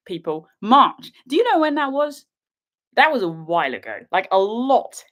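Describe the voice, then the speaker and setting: A young woman from England chatting bubbly and giggly to her livestream viewers from a sofa at her father's house, a little sniffly from a cat allergy. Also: lowish voice. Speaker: outdoor vlogger hosting a livestream. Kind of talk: casual livestream chat to viewers.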